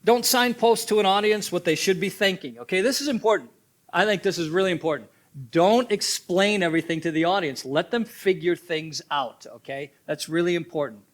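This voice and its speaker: A man leads a drama workshop in a fairly high voice. He explains stagecraft in a teaching tone. He drives home each point by repeating it and checking in with "okay?". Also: brisk. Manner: instructive, tags points with "okay?"; repeats key points for emphasis. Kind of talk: teaching seminar.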